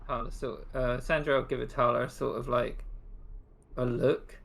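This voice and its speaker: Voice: mid-range voice, steady tone, normal speed, creaky, fairly bright tone. A game master narrating a tabletop game, with a hesitant, filler-heavy delivery.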